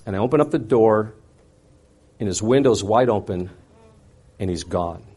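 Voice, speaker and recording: A middle-aged man telling a personal testimony to an audience, swinging from loud, intense outbursts to quiet, hushed reflection. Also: fairly low pitch, expressive, normal speed, breathy edge. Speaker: speaker sharing a personal testimony. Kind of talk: dramatic personal storytelling to an audience.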